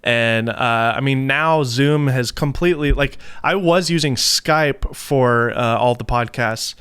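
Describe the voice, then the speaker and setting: Smooth-voiced man chatting on a call. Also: medium pitch, measured pace, no room sound. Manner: relaxed, laughs easily, thinks aloud. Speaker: podcast guest. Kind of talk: casual chat.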